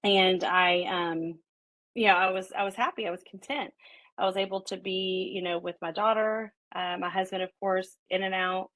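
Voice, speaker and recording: A woman's voice: medium pitch, normal speed, no room sound, rough recording. A middle-aged woman, a college professor, telling the story of her road to a doctorate and acting out her own and her husband's words. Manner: animated retelling, quoting herself and her husband. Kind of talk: personal storytelling.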